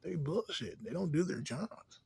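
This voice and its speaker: A man ranting in a rambling, profane, casual way, drifting between low mutters and louder outbursts. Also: very animated, unhurried, vocal fry, slightly rough. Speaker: vlogger.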